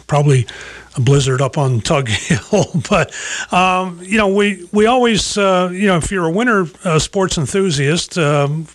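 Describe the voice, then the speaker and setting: A man hosting a morning radio show, talking in a halting way with many fillers and small chuckles. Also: high-pitched, expressive, no echo. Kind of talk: casual morning radio interview.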